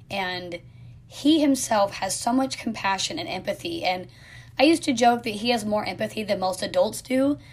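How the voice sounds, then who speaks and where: Mother in her thirties, earnest heartfelt monologue, soft with whispered asides, mid pitch. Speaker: mother of an autistic son. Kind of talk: personal reflective monologue.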